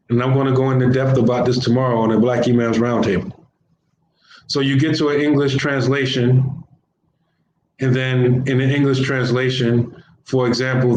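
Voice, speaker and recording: Man, religious teacher, casual lesson, repeats himself, slangy, echoey room, faint hiss. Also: medium pitch. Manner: conversational, repeats phrases, everyday slang. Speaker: Islamic teacher. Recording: roomy echo with faint background hiss.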